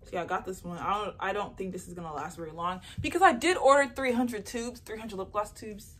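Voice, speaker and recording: A young woman chatting casually in an unboxing vlog, excitable and rambling as she talks about her beauty business, recorded on a phone. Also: medium pitch, fairly quick. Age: young adult. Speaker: beauty entrepreneur and vlogger. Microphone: phone camera mic.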